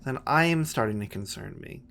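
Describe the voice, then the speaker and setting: A man playing a tabletop game, talking with a wry, deadpan manner. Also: fairly low pitch, fairly quick, creaky, a little hiss or hum. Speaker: player. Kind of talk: in-character table talk.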